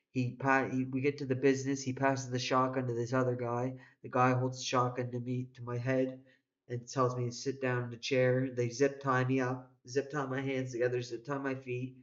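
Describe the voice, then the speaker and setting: A man's voice: medium pitch, highs cut off. Rambling, profane man telling a story. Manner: rambling, profane, frequent restarts. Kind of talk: casual spoken storytelling.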